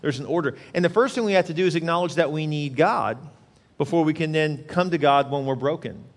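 A man's voice: a little high, a little fast, big-room sound. A male pastor preaching a sermon in an earnest, repetitive way, acting out quotes as he goes.

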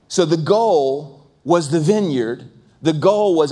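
A male pastor delivering a sermon with emphatic, repeated phrases. His voice sits fairly high and he often slows right down to press a point. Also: lively intonation, warm tone. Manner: emphatic, repetitive lists.

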